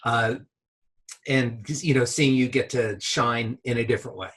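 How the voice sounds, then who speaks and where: A man hosting a casual interview, supportive and quick with short agreements. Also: medium pitch, steady tone, crowd noise.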